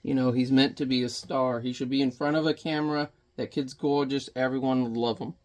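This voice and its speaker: A man's voice: medium pitch, steady tone, brisk, a little mellow. A man in his thirties rambling and joking with mild swearing as he chats casually while painting at home. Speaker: painting vlogger.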